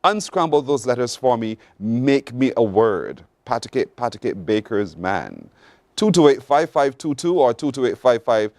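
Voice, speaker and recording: Playfully drawing out his words to tease callers, a Barbadian morning-show host with a mid-range voice runs a call-in word game and reads the news in a lively way. The audio is dry.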